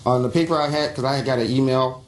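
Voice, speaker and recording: A man defending himself in a courtroom, giving quick, evasive, mumbled answers. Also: medium pitch, fairly even intonation, slight background noise. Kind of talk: testimony in a courtroom. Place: television courtroom. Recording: echoey courtroom, voice off-mic.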